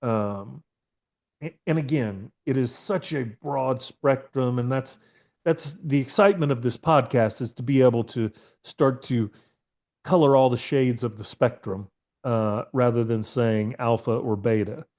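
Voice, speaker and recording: A man's voice: medium pitch, measured pace, darkish tone. A man in his fifties, a therapist guest on a podcast, telling stories casually with frank swearing and rambling restarts. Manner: profane, candid, rambling with restarts.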